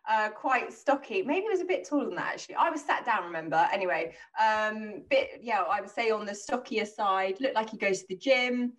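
A woman in her thirties telling a lively, sweary anecdote as a podcast co-host. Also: mid-range voice, brisk, few pauses, far from the mic. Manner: swearing, anecdotal, animated retelling with quoted voices. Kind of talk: casual storytelling chat.

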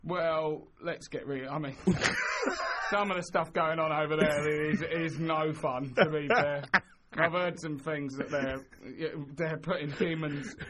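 A man's voice: a little high, animated, slow, over a noisy crowd. A man with a London accent, co-hosting a casual chat and joking around with comic bits. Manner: jokey, puts on voices for bits.

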